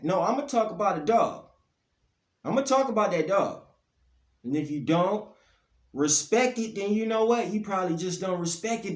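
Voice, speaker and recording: A man, ranting bluntly about dog breeding, his voice swinging from low grumbles to loud outbursts. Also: echoey room. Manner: blunt, profane, heated, pitch and loudness swinging up and down. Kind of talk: ranting monologue to camera.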